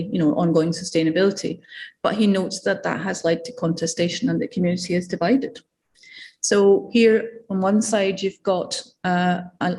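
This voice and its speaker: A woman's voice: lowish voice, a little mellow. A woman with a Scottish accent giving an academic seminar talk in a conversational way, with fillers and asides. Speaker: academic lecturer.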